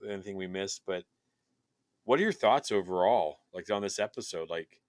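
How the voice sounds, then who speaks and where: A man co-hosting a show, chatting in an excited, rambling way with plenty of fillers. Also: sits low, normal speed, dry recording, clean studio sound. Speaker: podcast co-host. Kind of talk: casual chat.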